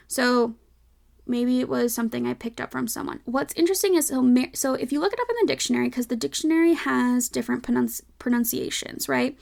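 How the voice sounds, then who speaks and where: A woman's voice: high-pitched, gravelly. A woman hosting a casual podcast, a reading teacher talking in a chatty, playfully opinionated way full of fillers. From United States. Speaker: podcast host.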